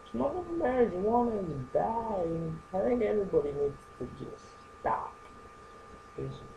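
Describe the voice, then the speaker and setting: A young man rambling through a goofy comedic vlog monologue, going from joke to joke with silly deadpan asides. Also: on the high side, creaky, slight background noise, low-quality recording. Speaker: vlogger.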